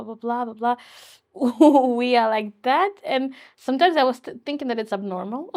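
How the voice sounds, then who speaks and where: A young woman from Ukraine in a personal interview, teary and emotional, speaking haltingly and often laughing. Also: fairly high pitch.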